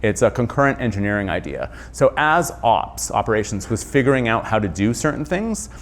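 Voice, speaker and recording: A middle-aged man, an author, speaking in a conversational interview with quick asides and self-corrections. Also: on the low side, slight background noise. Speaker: author and journalist guest.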